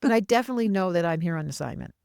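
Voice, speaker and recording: A woman astrologer talking as a guest in a casual interview, animated and emphatic, speaking in quick bursts. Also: on the low side, vocal fry, clear, resonant tone, no echo, clean studio sound.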